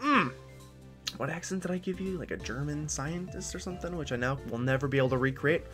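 A woman's voice: low voice, fast. A woman hosting a let's play, chatting casually and making self-deprecating asides over faint game music.

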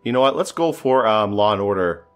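A man's voice: lowish voice, expressive, fairly quick, faint music behind. A man thinking aloud as he plays a strategy game, often exasperated and swearing. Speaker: gameplay commentator. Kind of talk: casual gameplay commentary.

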